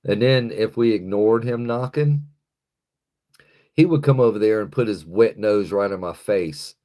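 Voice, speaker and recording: A man's voice: fairly low pitch, a little slow, dark tone. A man chatting casually on his live stream, rambling loosely and swearing freely, into a phone on a stick.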